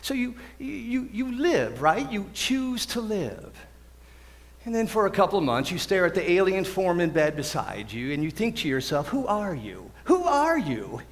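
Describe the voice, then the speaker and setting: A man's voice: high-pitched, sing-song, moderate pace. A young man playing a wistful musical fan who talks to the audience in a rambling, confiding way, recorded in an auditorium. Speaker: student actor. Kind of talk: stage musical performance. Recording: echoey auditorium, distant mic.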